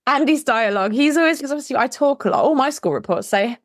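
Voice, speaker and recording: Woman talking fast and chatty, animated, swoopy high voice. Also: no room sound, clean studio sound. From England. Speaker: guest, dyslexia researcher. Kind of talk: casual podcast chat.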